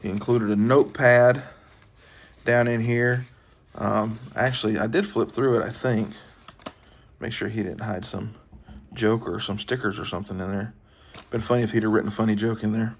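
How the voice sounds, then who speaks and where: Folksy low-voiced man showing off knives. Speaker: knife collecting channel host. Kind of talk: casual show-and-tell vlog.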